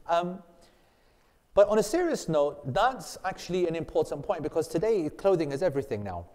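A man with a fairly high, darkish voice talks briskly and with lots of animation as he leads a casual, informal Islamic class. He rambles, joking and teasing his students, and the hall gives the recording a long reverb.

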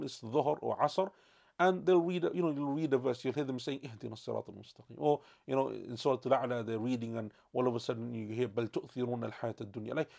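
A man teaching a lesson on Islamic practice, explaining in a measured way and often correcting himself mid-sentence. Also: a little high, creaky, darkish tone. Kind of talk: religious lecture.

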